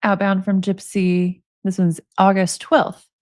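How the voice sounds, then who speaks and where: A woman in her forties reads emails aloud in a casual commentary, breaking off to make sarcastic, amused remarks. Her pitch sits in the middle, and the recording is close and dry with no room sound. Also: flat delivery, slow, a little mellow, no echo. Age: 40s. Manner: amused, sarcastic, laughs often. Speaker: commentary host reading prison emails.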